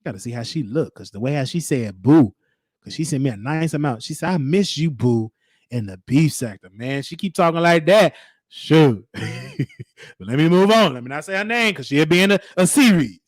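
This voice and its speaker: A man's voice: a little high, lively intonation, a little fast. A man hosting a casual reaction commentary, teasing and preachy, stretching out words like "honey". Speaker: show host.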